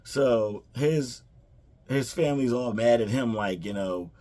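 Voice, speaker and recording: With a mid-range, dark-toned voice and a slightly slow delivery, a man recaps a film casually for a review, restarting often, using fillers and repeating characters' lines.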